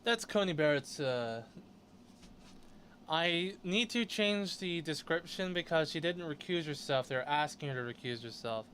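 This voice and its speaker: A man's voice: on the high side, expressive, measured pace, fairly bright tone. A male host reads news stories aloud in a somewhat raised voice and cuts in with blunt, sarcastic remarks of his own. A faint hum of room noise sits under his voice. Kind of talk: news commentary, reading articles aloud.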